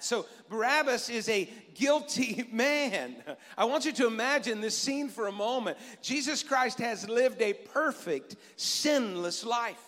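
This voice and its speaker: High-voiced pastor in echoing hall. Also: male voice, pushed and bright. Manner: conversational, asks the congregation questions. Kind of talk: sermon with scripture reading. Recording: long reverb in a large hall.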